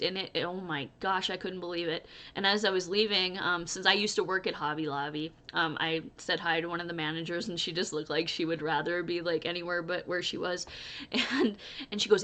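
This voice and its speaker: A woman's voice: mid-range voice, steady tone, a little fast, pushed and bright. A young woman vlogging casually to camera, chatty and storytelling, laughing often as she talks. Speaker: crochet vlogger.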